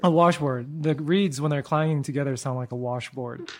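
A man's voice: fairly high pitch, normal speed, crowd noise. A man running a tabletop game as game master, narrating scenes in a playful, descriptive way on a radio show with a studio microphone. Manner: descriptive, playful, laughs often.

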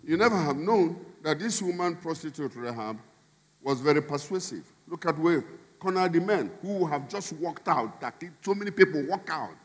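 A man preaching a sermon as a bishop, emphatic and shifting from quiet asides to shouted appeals. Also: a little high, lively intonation, moderate pace. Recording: long reverb in a large hall.

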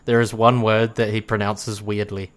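A man's voice: on the low side, level tone, moderate pace. Laughing, swearing New Zealand man. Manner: laughs often, swears freely. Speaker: podcast guest, streamer. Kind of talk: casual chat.

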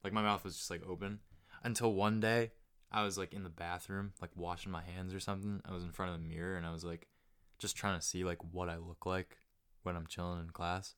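A man's voice: deep voice, level tone, brisk, a bit bright, smooth. A young man in casual chat, laid-back and self-mocking, swearing freely.

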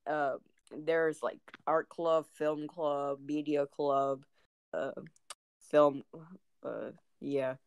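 Brief: deep-voiced woman, loose chatty podcast host, dry close sound. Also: level tone, extremely slow, clear, resonant tone, dry recording. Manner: rambling, lots of fillers and giggles. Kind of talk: casual chat.

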